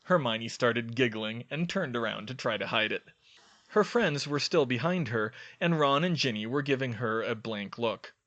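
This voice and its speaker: A man narrates a storybook in a bright, crisp voice at a middle pitch. He reads steadily and evenly. The recording sounds a little dull and lo-fi. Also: lively intonation, moderate pace. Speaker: audiobook reader.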